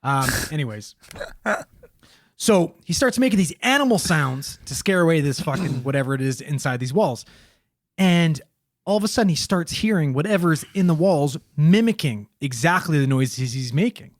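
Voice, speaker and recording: A man's voice: on the high side, expressive, normal speed, dry recording, clean studio sound. A man co-hosting a podcast, telling a story in a casual, profane, rambling way full of fillers.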